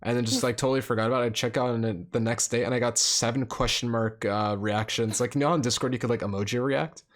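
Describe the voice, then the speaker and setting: A man's voice: medium pitch, fairly even intonation, quick pace, few pauses. A man in his twenties hosting a casual podcast chat, laid-back and rambling, swearing freely as he tells stories. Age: 20s. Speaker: podcast host.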